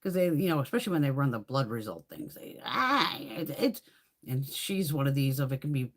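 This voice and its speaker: A woman's voice: rumbling low, fairly quick. A middle-aged woman hosting a livestream, telling a story in casual chat, swearing freely and acting out other people's lines. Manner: profane, animated, mimics others in quoted voices. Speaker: beauty livestream host.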